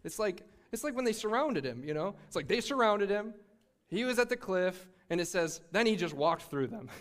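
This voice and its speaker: A man giving a sermon-style faith testimony, telling his story in an animated way with laughter and frequent restarts. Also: sits high, moderate pace. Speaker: speaker sharing a faith testimony.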